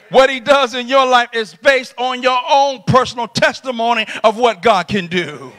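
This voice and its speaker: A middle-aged man preaches in a church with a very high, bright voice. He swings between loud shouts and soft asides, and he laughs along with his congregation. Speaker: pastor. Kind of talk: sermon. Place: church sanctuary.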